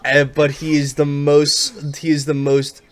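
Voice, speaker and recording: A man's voice: on the high side, completely flat delivery, a little slow, very noisy. A man chatting casually as a podcast guest, with a dry, teasing and offhand delivery. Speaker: guest streamer.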